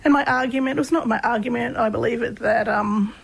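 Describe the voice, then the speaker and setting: An Australian woman, a guest researcher, telling personal stories in a relaxed, chatty way with lots of fillers. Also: fairly high pitch, fast, gravelly, slightly rough, rough recording. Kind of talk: conversational storytelling.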